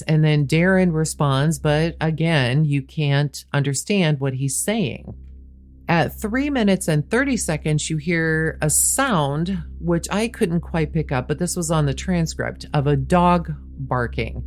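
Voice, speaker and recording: Low-voiced woman narrating a true crime case. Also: soft background music. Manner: methodical, reads quoted lines slowly. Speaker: true crime podcast host.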